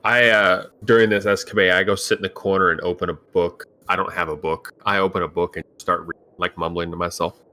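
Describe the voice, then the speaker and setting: A man playing a tabletop game, describing his character's actions in a quick, offhand way. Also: sits low, level tone, pushed and bright. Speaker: player.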